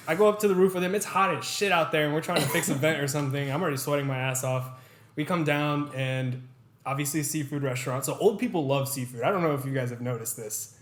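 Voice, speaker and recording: A young man co-hosting a podcast, telling stories in a casual, animated way, swearing freely and acting out quotes. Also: mid-range voice, fairly quick. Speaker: podcast co-host. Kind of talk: casual storytelling chat. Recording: echoey room.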